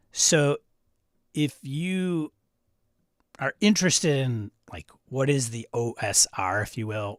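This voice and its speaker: A man with a Wisconsin accent hosting a casual livestream and answering viewer chat aloud with quick, animated asides. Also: fairly low pitch, no room sound, clean studio sound. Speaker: host.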